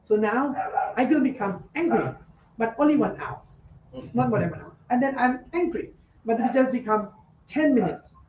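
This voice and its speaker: A man who is a Buddhist monk giving a meditation talk to students, in halting non-native English, repeating key words. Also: very high voice, lively intonation, a little hiss or hum. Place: meditation center. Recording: echoey, dull, from far off.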